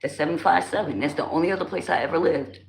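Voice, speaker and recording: A woman's voice: low voice, fast talker, vocal fry. A woman in her forties with a New Jersey accent, hosting a casual livestream and chatting loosely with her viewers, greeting them by name in slangy talk. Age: 40s. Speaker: livestream host. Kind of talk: casual live-stream chat. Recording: roomy with faint background noise.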